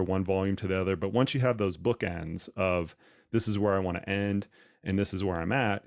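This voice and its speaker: Low-voiced man hosting a coaching podcast. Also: creaky, darkish tone, dry recording, clean studio sound. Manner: conversational, repeats words as he thinks aloud. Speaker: podcast host and running coach. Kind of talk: casual podcast discussion.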